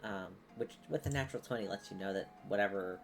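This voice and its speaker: A woman's voice: a bass voice, fast talker, soft background music. A woman narrating a tabletop game as game master, hesitant, with many ums and likes.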